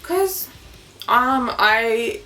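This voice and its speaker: A young Australian woman vlogging in a casual, excitable way, laughing often and swearing casually. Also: fairly high pitch, extremely slow, faint music behind. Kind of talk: casual chat.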